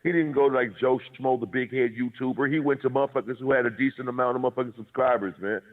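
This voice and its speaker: A man's voice: mid-range voice, quick pace. A man talking in a heated, profane, blunt way as a guest on a call-in chat show. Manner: profane, blunt, says he is aggressive and abrasive. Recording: tinny phone-like call line.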